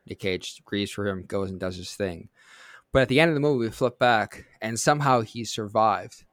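A man co-hosting a podcast in casual chat, pitching a plot with fillers and quick bursts. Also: no room sound, clean studio sound. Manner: brainstorming with lively bursts, fillers. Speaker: podcast co-host.

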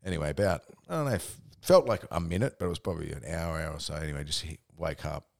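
A man's voice: very deep voice, quick pace, vocal fry. A young Australian man telling a rambling, sweary story on a casual podcast, laughing as he goes. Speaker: podcast co-host.

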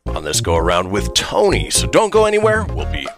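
A man's voice: lowish voice, huge pitch swings, normal speed, vocal fry, music in the background. A man hosting a casual radio talk show, upbeat and jokey, reading out contact details to listeners.

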